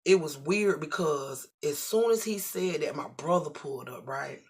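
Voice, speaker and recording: Husky-voiced, fiery middle-aged storyteller. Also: mid-range voice, normal speed. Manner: animated and profane, acts out the voices in the story. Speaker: vlogger. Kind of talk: casual storytelling to camera.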